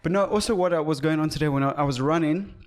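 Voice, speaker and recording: Young South African male co-host, lively ironic storyteller, casual comedy chat. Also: fairly high pitch, fast talker. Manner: animated storytelling, ironic jokes. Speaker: podcast co-host.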